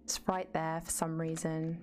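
A woman's voice: low voice, little pitch movement, normal speed, a little mellow, soft background music. A woman streaming a game, chatting casually, answering chat and swearing freely. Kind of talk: casual live-stream chat while gaming.

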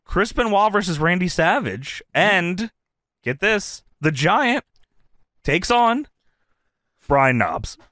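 Lively, bright-voiced male podcast host. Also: high voice, slow pace, long pauses, no room sound, clean studio sound. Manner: laughs a lot, swears freely. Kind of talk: casual chat.

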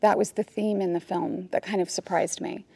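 A woman in her forties, an actress at a roundtable, talking in a thoughtful, halting way. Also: lowish voice, fairly even intonation, gravelly, mellow, slightly rough, no room sound. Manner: thoughtful, halting, with many restarts. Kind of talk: casual roundtable conversation. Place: studio with a group of guests.

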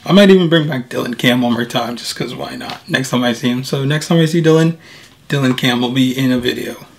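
A man's voice: medium pitch, brisk, creaky, slight background noise. A young man talking casually to his viewers in a playful, chatty vlog style. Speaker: vlogger. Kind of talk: casual vlog talk to camera.

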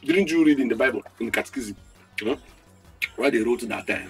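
A man's voice: medium pitch, animated, fairly quick, soft background music, close to an everyday voice. A man with a Nigerian accent playing a boastful, rambling schemer who calls himself a master planner. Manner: boastful, rambling, bursts into shouting. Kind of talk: Nollywood film acting.

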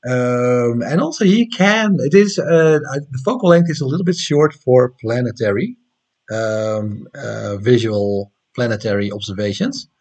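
A man's voice: mid-range voice, measured pace, a little mellow. A man with a Dutch accent hosting an astronomy livestream, chatting casually and reading viewer comments with many hesitant ums and restarts. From Netherlands.

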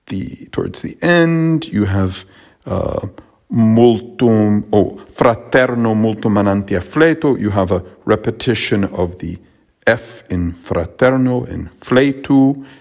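A man teaching a Latin poem, explaining its sounds and meter in a halting way with frequent pauses and restarts. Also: on the low side, a little mellow. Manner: halting, with many fillers and restarts. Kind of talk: explanatory lesson on poetry.

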